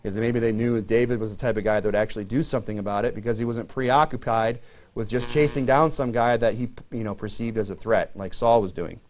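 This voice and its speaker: A man's voice: on the low side, steady tone, quick pace, a little mellow. A middle-aged man preaching a sermon to his church in a conversational way, full of "you know" fillers. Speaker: pastor.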